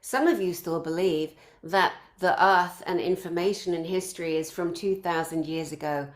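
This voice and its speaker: A woman's voice: lowish voice, moderate pace. A woman organizing a conference, introducing its speakers one by one and piling up effusive praise in long lists.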